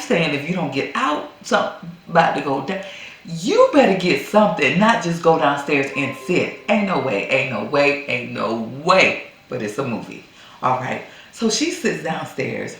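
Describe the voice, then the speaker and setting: A woman casually recaps a film, acting out each character's lines. Her pitch swings widely while her pace stays unhurried. The voice rings in a very echoey room. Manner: animated storytelling, acts out characters' lines. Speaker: movie reviewer.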